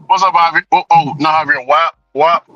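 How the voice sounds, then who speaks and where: A man's voice: fairly high pitch, highs cut off. A man telling a story in casual chat as a delivery driver vlogger, laughing often. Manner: laughing, animated retelling.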